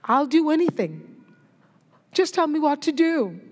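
A woman voicing a terrified man hanging from a cliff, yelling and pleading desperately for help. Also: high voice, big pitch swings, a little slow. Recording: echoey hall reverb.

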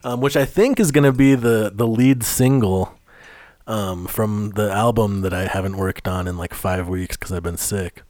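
A lowish American man riffs with his co-host on a podcast, cursing and laughing as he goes. His voice sits close to a dry mic with no room sound around it. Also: normal speed, no room sound. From United States. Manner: profane, laughing, animated banter. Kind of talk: casual podcast chat.

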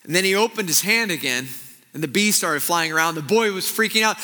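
A man pastor preaching a sermon earnestly, often dropping into hushed, intense low passages. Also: brisk, in a large hall.

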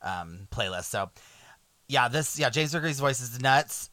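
A man hosting a music podcast, chatting casually in a playful, animated way that often trails off quietly. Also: medium pitch, measured pace, no echo. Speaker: podcast host.

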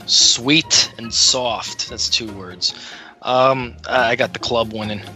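A man's voice: medium pitch, slow, pushed and bright, soft background music. A man co-hosting a wrestling podcast in casual chat, rambling and getting heated. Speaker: podcast co-host.

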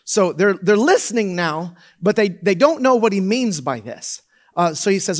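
Male pastor, relaxed conversational sermon, lots of restarts, slightly higher voice. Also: moderate pace. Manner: conversational, loose, full of fillers and restarts. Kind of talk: casual sermon.

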